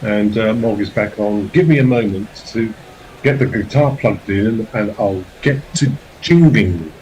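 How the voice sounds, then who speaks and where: A man's voice: fairly low pitch, unhurried, muffled recording, slight background noise. A man on a cricket commentary chat, hesitant and full of uhs while reading out messages.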